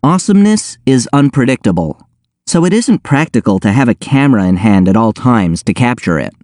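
A man reads a first-person audiobook with a wry, deadpan edge. His pitch moves in a lively way over a mid register. The sound is close and dry. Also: brisk, no room sound. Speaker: audiobook narrator.

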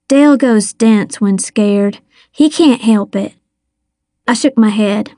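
A woman reading a first-person story aloud in an unhurried, expressive way, giving voices to the characters. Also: mid-range voice, dry recording, clean studio sound. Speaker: audiobook narrator. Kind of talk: first-person audiobook narration.

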